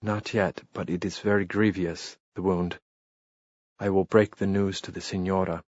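An anxious old Italian caretaker, voiced by a male narrator stumbles apologetically through broken English. His voice is low and husky. The sound is dry and slightly muffled. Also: flat delivery, moderate pace, darkish tone, dry recording. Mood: urgent.

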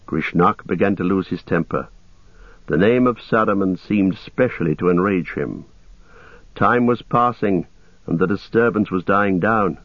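A man narrating a story in a steady, measured reading voice. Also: deep voice, no echo. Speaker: audiobook narrator. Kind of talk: scripted narration. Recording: tinny phone-like sound, dry.

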